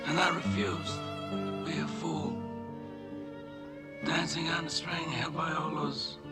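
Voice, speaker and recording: An actor playing a grave older crime-family boss in a film, speaking in a measured way with a loud orchestral score behind him. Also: male voice, fairly high pitch, huge pitch swings, loud music behind the voice, exaggerated voice. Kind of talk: film drama dialogue.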